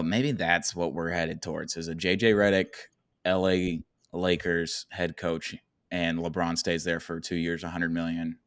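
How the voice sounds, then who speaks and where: A man's voice: deep voice, a bit bright, no room sound, studio quality. A man co-hosting a casual sports podcast, rambling and thinking aloud with restarts and the odd swear word. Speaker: podcast co-host.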